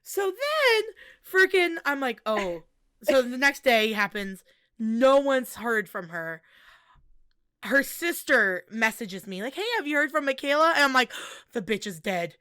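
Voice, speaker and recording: Bright, crisp young woman. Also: high-pitched, dry recording, clean studio sound. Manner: animated storytelling, swears freely, quick laughs. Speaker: podcast co-host. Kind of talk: casual chat.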